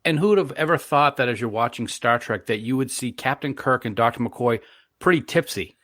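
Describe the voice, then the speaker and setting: A man co-hosting a podcast, enthusiastic and quick to laugh, stammering at the starts of thoughts. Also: medium pitch, animated, a bit bright, no echo, clean studio sound. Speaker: podcast co-host. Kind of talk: casual podcast chat.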